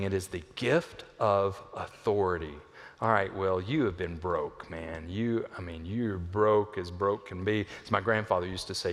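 A man preaching a sermon as pastor, swinging between loud emphasis and hushed lines, with playful asides to a volunteer on stage. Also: on the low side. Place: church auditorium. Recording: long hall reverb.

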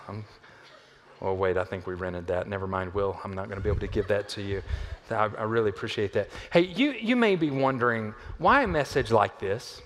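A man preaching a sermon as pastor, swinging between loud emphasis and hushed lines, with playful asides to a volunteer on stage. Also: fairly low pitch, a little hiss or hum. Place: church auditorium. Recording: long hall reverb.

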